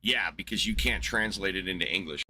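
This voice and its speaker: Brash Southern man, bright edgy tone. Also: low-pitched, a little fast, breathy edge, dry recording. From Florida, US Southeast. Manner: crude, mocking, argumentative. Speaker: podcast host. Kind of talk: live debate call.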